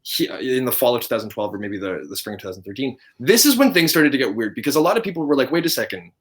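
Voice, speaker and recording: A man in his thirties telling a story in casual chat as a podcast host, animated and laughing often. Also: mid-range voice, racing.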